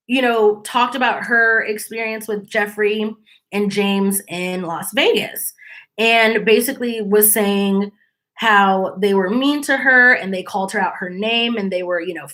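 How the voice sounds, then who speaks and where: A young adult woman hosting a casual commentary channel, chatty and animated, mimicking people as she quotes them. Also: medium pitch.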